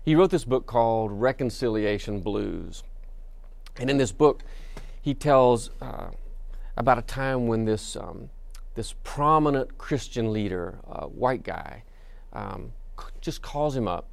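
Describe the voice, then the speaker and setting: Male preacher, gravelly, relaxed conversational sermon delivery with frequent fillers. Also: mid-range voice, takes it slowly, no echo. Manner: conversational storytelling with many fillers and restarts. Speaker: pastor.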